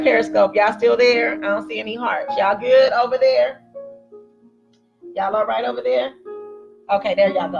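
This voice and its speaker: A woman with a gravelly voice pitched a little high leads a live-streamed devotional. She chats freely with her viewers and keeps repeating key phrases to drive them home. Music plays behind her on a dull, lo-fi phone stream. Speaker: ministry founder leading a daily confession. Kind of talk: live-streamed devotional teaching and prayer declaration.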